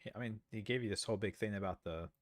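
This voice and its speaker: A man's voice: on the low side, rapid-fire, no room sound, clean studio sound. A man giving casual, sarcastic, rambling commentary while streaming a game.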